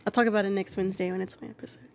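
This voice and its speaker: Brief: woman, podcast co-host, mid-pitched, brisk. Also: little pitch movement, a little mellow. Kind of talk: casual chat.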